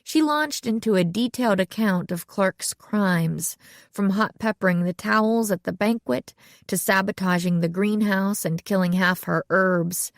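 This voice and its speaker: A woman narrating an audiobook in lively storytelling. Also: mid-range voice, a little slow, dry recording, studio quality. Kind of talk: scripted narration.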